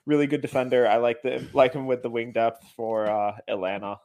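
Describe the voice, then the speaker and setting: A man's voice: medium pitch, flat delivery, brisk, darkish tone. A man giving casual draft analysis on a stream, wry and self-deprecating. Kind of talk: casual podcast chat.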